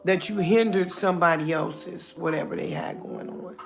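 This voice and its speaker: A woman's voice: on the low side, moderate pace, gravelly, faint music behind. A middle-aged woman hosting a casual livestream, talking bluntly, greeting viewers by name and laughing often. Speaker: livestream host.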